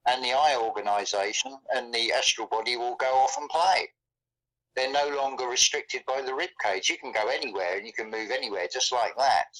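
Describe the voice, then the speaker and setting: A man with a bright, forward voice talks casually. He speaks in halting bursts, often repeating a word before going on. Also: mid-range voice, poor audio. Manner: halting, repeats words while thinking. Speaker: guest. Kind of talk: casual conversation.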